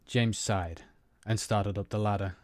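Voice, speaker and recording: A man narrating a story in a measured, scripted reading. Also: on the low side, steady tone, darkish tone, dry recording, studio quality. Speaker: audiobook narrator.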